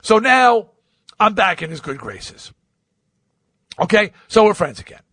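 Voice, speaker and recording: Animated man telling a story. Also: high-pitched, measured pace, no room sound, clean studio sound. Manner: animated, acts out both sides of conversations; blunt and profane. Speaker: podcast host. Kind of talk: storytelling monologue.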